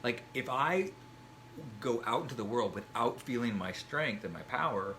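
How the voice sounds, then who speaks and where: A man in his forties talks as a guest in a relaxed chat, thinking aloud and restarting his sentences. His bright voice swings widely in pitch, and a faint hiss sits under the recording. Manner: reflective, halting with restarts. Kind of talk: casual chat.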